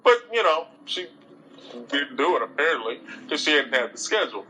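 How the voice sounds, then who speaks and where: A man hosting a discussion show, retelling a story in an animated, colloquial, exasperated way. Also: fairly high pitch, fairly quick, a little hiss or hum, rough recording. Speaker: host. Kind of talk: casual storytelling monologue.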